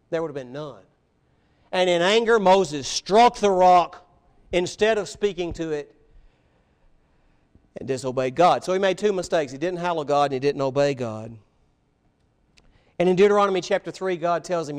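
A man preaching a sermon, telling Bible stories with animated voices and speaking directly to the children. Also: high-pitched, moderate pace, clean tone. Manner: animated storytelling, voicing biblical figures, addressing children. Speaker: pastor.

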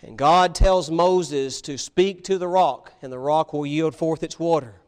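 Preacher guy, pretty high voice, acts out the bible story, talks to the kids too. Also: a little slow. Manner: animated storytelling, voicing biblical figures, addressing children. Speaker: pastor. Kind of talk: sermon.

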